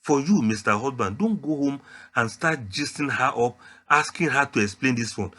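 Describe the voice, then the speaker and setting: A Nigerian-accented man delivers an Islamic lecture in a bright, forceful voice. His pitch sits in a middle range. He teases his listeners and speaks to them directly. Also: lively intonation, moderate pace, husky. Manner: emphatic, teasing, addresses listeners directly.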